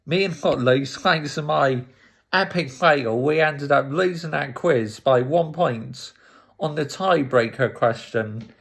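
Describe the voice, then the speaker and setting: A man's voice: mid-range voice, creaky, fairly bright tone. A man, a YouTuber casually retelling stories and laughing often as he talks. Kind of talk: casual storytelling recap.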